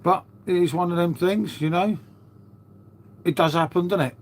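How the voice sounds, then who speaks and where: A man's voice: high voice, normal speed, a little hiss or hum. A middle-aged man chatting casually on a livestream, answering viewers and calling them mate. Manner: chatty, matey, peppers talk with "mate" and "um". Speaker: livestream host. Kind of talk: casual live chat with viewers.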